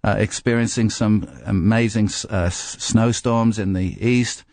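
A man's voice: fairly low pitch, fairly even intonation, unhurried, darkish tone, no room sound. A middle-aged man from England with an English accent touched by an American twang, preaching a sermon in a conversational, self-deprecating way. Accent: English with a slight American twang. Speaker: pastor.

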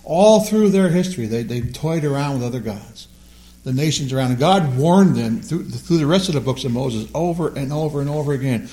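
A man's voice: medium pitch, expressive, brisk, mellow. A man leading a Bible class, teaching emphatically and often repeating words as he stresses a point.

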